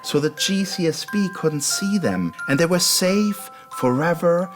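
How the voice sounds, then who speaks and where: A man's voice: fairly high pitch, lively intonation, a little slow, music in the background. A man narrating a mock fairy tale in a singsong storytelling voice.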